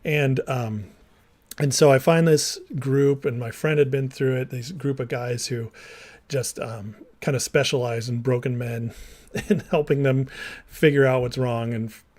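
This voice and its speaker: A man's voice: medium pitch, fairly even intonation, unhurried, darkish tone. A man tells his personal story straight to viewers in a candid, rambling way. He often says "like," restarts his sentences and acts out the lines of past conversations. He speaks as someone who was once a minister and counselor. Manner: rambling and candid, acting out remembered dialogue; heavy use of "like" and restarts.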